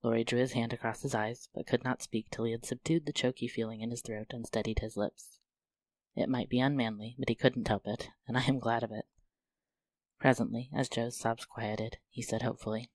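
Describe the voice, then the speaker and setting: A man's voice: mid-range voice, steady tone, brisk, dry recording. A man narrating a classic novel aloud, reading steadily and expressively into a close mic. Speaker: audiobook narrator. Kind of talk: scripted narration.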